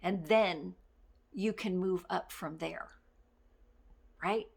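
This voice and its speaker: A middle-aged woman giving a casual motivational talk as a life coach, candid and self-deprecating, with quick laughs. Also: on the low side, vocal fry, breathy edge.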